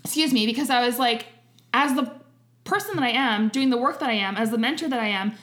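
A woman's voice: fairly high pitch, fast talker, fairly bright tone. A woman co-hosting a candid conversation, talking in a reflective, self-examining way with emphatic short phrases.

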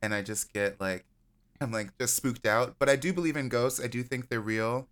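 Smooth, bright, joking male podcast guest. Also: mid-range voice, moderate pace. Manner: joking, animated, rambling. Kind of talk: casual chat.

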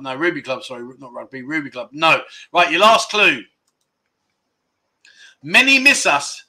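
A man hosting a casual livestream, his voice high and cutting. He reels off viewers' guesses one after another, excitable and chatty. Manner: excitable, runs through a rapid list of guesses. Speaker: livestream host. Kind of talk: casual livestream chat, reading out viewer comments. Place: his home in Pattaya, indoors.

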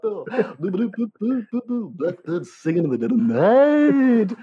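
A man impersonating a chirpy, bouncy pop musician in a high sing-song voice. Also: big pitch swings, moderate pace, a little mellow, dull audio, slight background noise.

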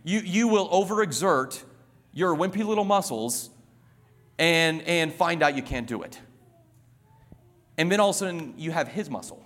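A man's voice: a little high, expressive, moderate pace, pauses often, a bit bright, in a large hall. A man preaching a sermon, emphatic and repetitive, building his points through illustrations.

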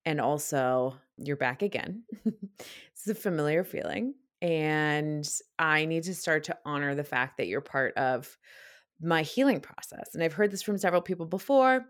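A young woman hosts her own podcast in a relaxed, candid ramble, a little out of breath as she talks. Her voice sits on the lower side for a woman, and she laughs easily and swears casually. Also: moderate pace, no room sound, clean studio sound. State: slightly out of breath. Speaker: podcast host. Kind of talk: casual solo podcast talk.

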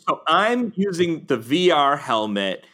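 A man playing a tabletop game, excitable and joking as he plans. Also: on the high side, unhurried. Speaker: player. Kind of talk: casual tabletop play.

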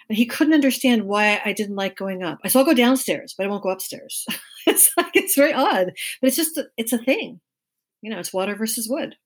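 A middle-aged woman with a soft, gentle voice, a guest chatting casually in an interview and telling stories with frequent laughs. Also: medium pitch, a little fast. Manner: chatty storyteller, laughs often. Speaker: guest, Chinese medicine practitioner.

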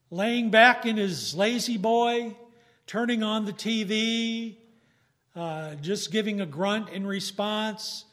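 Middle-aged male preacher, higher voice, slow deliberate teaching delivery. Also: a bit bright. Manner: slow, measured teaching with fillers. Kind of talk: sermon.

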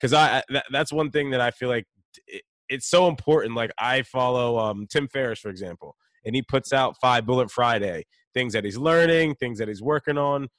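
A man's voice: mid-range voice, fairly quick, a bit bright, no room sound, clean studio sound. A man co-hosting a podcast, upbeat and talkative, often restarting his sentences. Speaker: co-host. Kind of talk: casual podcast conversation.

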